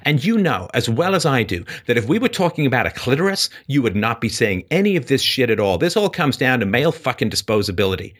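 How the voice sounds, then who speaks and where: A male call-in show host debating a caller, lecturing forcefully, cutting in and jumping up in pitch to stress his points. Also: very animated, quick pace, few pauses.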